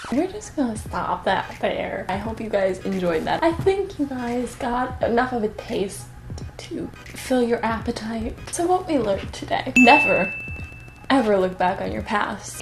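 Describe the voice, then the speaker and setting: A young woman vlogging casually and reading her old writing aloud in a self-mocking, animated way. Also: fairly high pitch. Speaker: YouTuber. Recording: echoey room with faint music.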